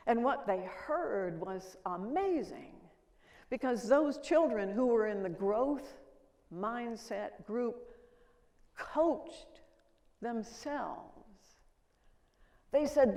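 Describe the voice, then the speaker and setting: Her voice is a little high and slightly mellow, with lively intonation, a slow pace, and long pauses. The older woman is a conference keynote speaker telling stories and questioning the audience in an echoing hall.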